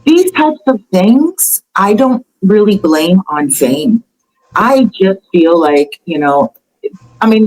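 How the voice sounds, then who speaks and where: A woman's voice: fairly low pitch, poor audio. Chatty woman hosting a gossip show. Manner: chatty and animated, with laughter and fillers. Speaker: host. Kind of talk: casual celebrity gossip chat.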